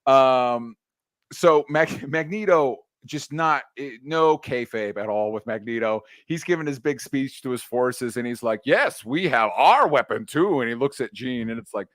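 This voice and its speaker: Male podcast co-host, loose and casual, cusses a lot, mid-pitched voice, dry recording. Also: moderate pace, dry recording. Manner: relaxed, loose, swears freely. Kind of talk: casual movie recap chat.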